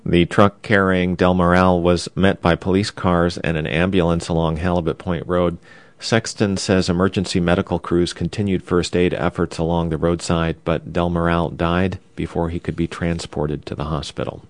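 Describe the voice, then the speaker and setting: A man reading the news as a radio anchor, in an even, measured delivery. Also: deep voice, dry recording.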